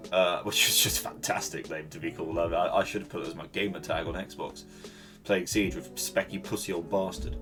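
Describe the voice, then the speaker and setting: A man, hosting a podcast and telling a rambling, sweary story on his own, with many restarts. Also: deep voice. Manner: rambling, sweary, self-interrupting. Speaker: podcast host. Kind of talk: casual storytelling monologue. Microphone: solo recording at home to camera.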